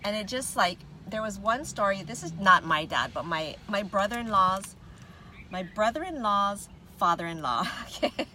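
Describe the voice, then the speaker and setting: A woman livestream host sits in her parked car, windows down, greeting viewers and laughing a lot as she chats casually. Faint traffic sounds come through the open windows. She speaks at normal speed in an animated, medium-pitched voice with a sharp tone.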